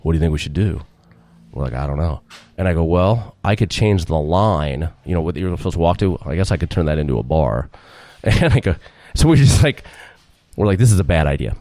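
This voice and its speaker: A man's voice: deep voice, animated, a little fast, mellow, no echo. A middle-aged man telling a long story in a casual interview, rambling, acting out quotes and laughing often. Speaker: restaurant owner, guest.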